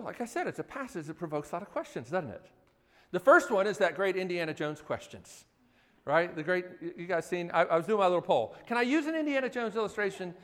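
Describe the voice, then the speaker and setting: A man preaches with a high, very expressive voice whose pitch leaps around. He talks to his listeners conversationally and keeps throwing questions at them. His voice rings out in a hall with a long reverb. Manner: animated, conversational, asks the audience questions. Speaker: pastor. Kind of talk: sermon.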